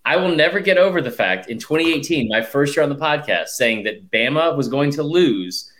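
A man hosting a sports podcast, telling animated, profane stories in casual chat. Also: a little high. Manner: animated and profane, rapid storytelling. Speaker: podcast host.

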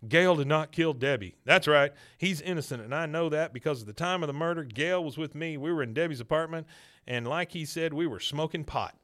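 A man's voice: medium pitch, fairly quick, fairly bright tone, clean tone, no echo, studio quality, close to an everyday voice. A man doing an earnest guilt-ridden dad. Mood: confessing. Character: guilt-ridden, earnest middle-aged husband and father.

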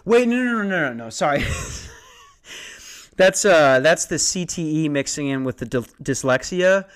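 A man's voice: fairly high pitch, lively intonation, unhurried, smooth. A young man hosting a comedy podcast, ranting and rambling with lots of profanity and restarts. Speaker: podcast host.

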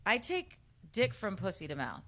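A woman in frank, casual podcast chat, her bright voice swinging widely in pitch. She talks candidly, laughs easily and often leaves sentences unfinished. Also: huge pitch swings, moderate pace. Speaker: podcast co-host.

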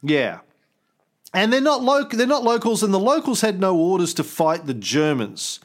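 A man's voice: sits high, moderate pace. A man hosting a casual history podcast, telling the story in a loose, chatty way with the odd swear word. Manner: animated storytelling, swears, puts on voices for quotes. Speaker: podcast host.

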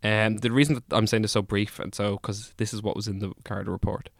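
A man's voice: lowish voice, little pitch movement, fast, gravelly, no echo, clean studio sound. A young man on a casual podcast, retelling a ghost report in a jokey way, correcting himself as he goes. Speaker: podcast co-host.

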